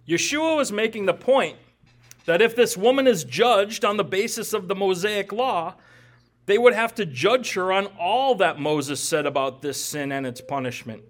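A man's voice: high-pitched, lively intonation, moderate pace. A man giving a verse-by-verse Bible teaching, lecturing with emphasis and dropping in wry asides.

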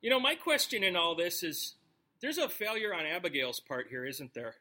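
A man's voice: high-pitched, expressive, moderate pace, pushed and bright. A man teaching through a Bible passage in a casual, conversational way, joking with his listeners between verses. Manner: conversational, joking asides to the congregation. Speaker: pastor.

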